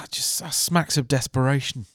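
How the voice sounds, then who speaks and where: A man's voice: mid-range voice, a little slow, a bit bright, no echo, studio quality. A man hosting a podcast in casual chat, who laughs easily and moves the talk along. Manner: laughs easily, leads the segments. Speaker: podcast host.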